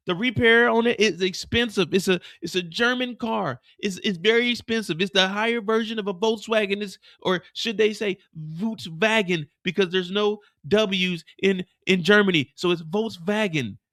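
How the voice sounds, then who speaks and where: Man playing a frightened young woman, raised pitch, pleading, nervous rambling. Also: normal speed, fairly bright tone, no echo, studio quality.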